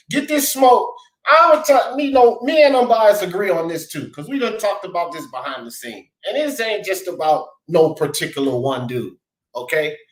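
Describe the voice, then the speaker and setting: Male host, passionate and profane, very lively pitch, roomy echoey sound. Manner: fired-up, profane, emphatic, repeats "bro" and "dog". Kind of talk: heated sports talk debate. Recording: roomy echo.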